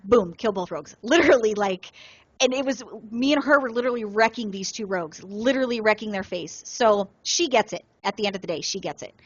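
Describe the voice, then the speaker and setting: Woman, podcast co-host, animated storyteller, mid pitch, dry and slightly muffled recording. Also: no room sound. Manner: animated storyteller, acts out other players in quotes. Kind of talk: casual gaming podcast storytelling.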